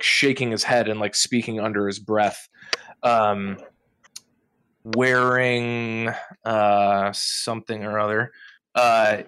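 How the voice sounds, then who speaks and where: A man running a tabletop game as game master, narrating in a relaxed, rambling way. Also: medium pitch, dry recording. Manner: relaxed, rambling, many fillers.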